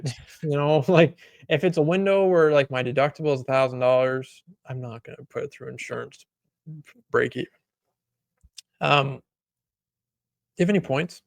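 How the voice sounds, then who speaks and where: A man's voice: medium pitch, normal speed, gravelly, long pauses, no room sound. A man co-hosting a casual podcast about running a detailing business, telling rambling, sarcastic anecdotes. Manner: sarcastic, joking; rambling anecdotes full of acted quotes. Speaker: podcast co-host, auto detailing business owner.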